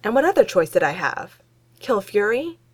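A woman reading fan fiction aloud, voicing a brash, excitable young woman at a bar who talks bluntly and sarcastically. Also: medium pitch, normal speed. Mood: sassy.

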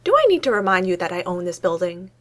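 A woman's voice: lowish voice, big pitch swings, quick pace. A woman reading aloud voices a smug, teasing wealthy man in a storybook scene.

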